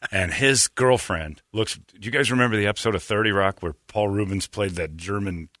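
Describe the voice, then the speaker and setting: A man's voice: on the low side, normal speed, dry recording, clean studio sound. A man hosting a podcast in casual chat, telling stories with put-on voices and laughter. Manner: animated storytelling with mocking voices and laughs. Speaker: podcast host.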